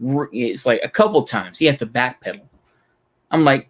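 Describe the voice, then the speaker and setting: A man's voice: medium pitch, animated, moderate pace. A man commenting on a video he is playing, blunt, profane and sarcastic in casual asides. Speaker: reaction streamer.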